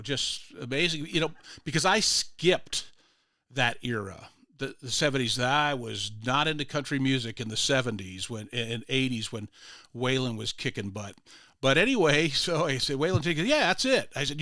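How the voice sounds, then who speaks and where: A man's voice: mid-range voice, sharp tone, no echo, studio quality. An older man hosting a morning radio show, telling a rambling story full of restarts and fillers. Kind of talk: casual radio chat.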